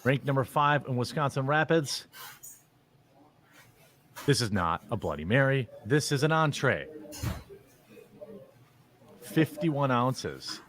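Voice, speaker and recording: A man's voice: mid-range voice, sing-song, slow pace, long pauses, a bit bright. A man giving casual commentary as a streamer, blunt and opinionated in a mock-serious way.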